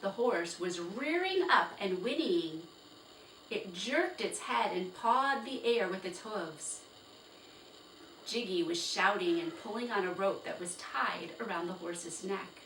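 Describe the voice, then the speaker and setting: Woman reading a kids' book aloud real slow, bright voice, echoey and kinda far off. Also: medium pitch. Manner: slow, expressive storytelling. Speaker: storybook reader. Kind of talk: children's read-aloud narration. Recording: roomy, distant, faint hiss.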